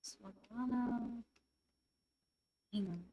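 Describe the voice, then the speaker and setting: A woman streaming as a VTuber, chatting casually in a rambling, flustered way, apologizing and breaking into loud outbursts. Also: on the high side, takes it slowly, no echo, rough recording. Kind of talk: casual live-stream chat.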